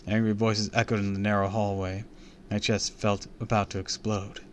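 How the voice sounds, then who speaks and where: On a live stream, a man with a low voice reads a spooky children's story aloud at normal speed. He delivers it expressively and theatrically, leaning into the suspense, while a faint hum lingers in the background.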